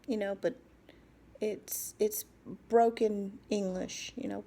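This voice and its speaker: A woman speaking in a halting, soft personal video diary, often dropping to a whisper and repeating herself as she searches for words. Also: medium pitch, steady tone, gravelly. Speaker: vlogger.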